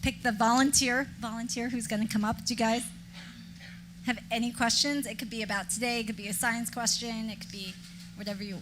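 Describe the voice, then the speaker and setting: A woman's voice: fairly high pitch, fairly even intonation, fairly quick. A woman hosting a live stage event, playful and coaxing the audience to join in. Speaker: event host. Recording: noisy live event ambience.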